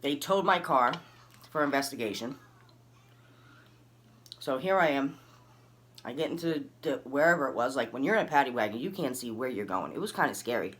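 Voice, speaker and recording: A woman's voice: moderate pace, pauses often. A woman tells a personal story in a casual, chatty way. She acts out each person in it, and her voice jumps up sharply when she quotes them. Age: adult, recalls early twenties and has a son. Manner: animated, acts out dialogue with big pitch jumps. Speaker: vlogger telling a personal story.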